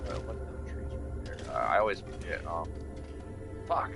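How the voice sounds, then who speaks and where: A man's voice: low-pitched, big pitch swings, moderate pace, creaky, over music. A man from Michigan chatting casually with viewers while streaming a game, rambling and greeting people by name. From Michigan, United States. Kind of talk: casual live-stream chat while playing.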